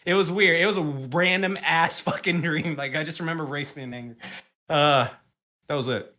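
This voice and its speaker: A man's voice: fairly high pitch, normal speed, pushed and bright. A man co-hosting a podcast in casual chat, rambling through a story, swearing and laughing as he goes. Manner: rambling, swears a lot, laughs while telling stories. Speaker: podcast co-host.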